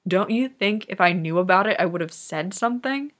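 A woman's voice: medium pitch, animated, fairly quick, fairly bright tone, lightly acted. Woman reading as a stunned, awkward young man. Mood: hushed urgent.

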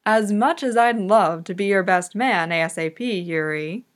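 A woman's voice: mid-range voice, normal speed, close to an everyday voice. A woman voicing a cheerful, teasing young male figure skater in a fan audiobook reading. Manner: teasing, playful.

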